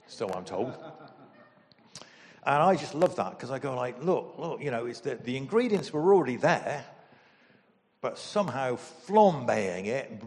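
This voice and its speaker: A man preaching a sermon as pastor, emotional and animated, with sudden loud bursts. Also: medium pitch, big-room sound.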